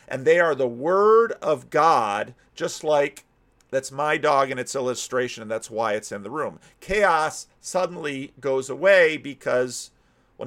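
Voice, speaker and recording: A middle-aged American pastor talks through an idea at an easy, unscripted pace. His voice sits at an ordinary male pitch, and he often stops and repeats a word as he works toward his point. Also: a bit bright. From United States. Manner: thinking aloud, frequent restarts and repeated words. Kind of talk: casual teaching talk.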